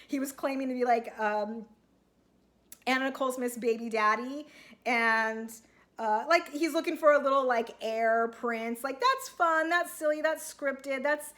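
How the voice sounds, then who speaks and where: A woman with a high, light voice talks straight to her viewers about a reality show. She is chatty and keeps asking whether she is overreacting. She slips into quick acted-out quotes of the people on screen. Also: fairly bright tone. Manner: chatty, self-questioning, acts out quotes. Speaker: reality TV recap vlogger. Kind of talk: casual recap monologue to viewers.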